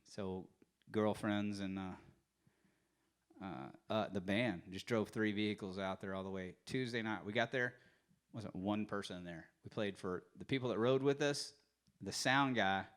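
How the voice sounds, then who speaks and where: Rambling man, low voice. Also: measured pace, a bit bright, clear, resonant tone. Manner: rambling, joking, trailing off with filler. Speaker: host and musician. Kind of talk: casual storytelling between songs.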